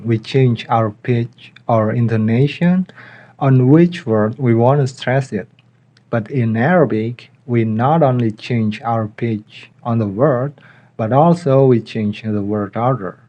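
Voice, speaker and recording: Man, patient grammar teacher, dark mellow tone. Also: mid-range voice. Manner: slow, methodical, reads out example sentences. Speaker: language teacher. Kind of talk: explanatory grammar lesson.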